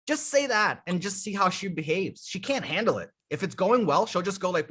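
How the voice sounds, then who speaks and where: A man running a live dating coaching session, talking bluntly with profanity and animated storytelling. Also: high voice, normal speed, few pauses, husky.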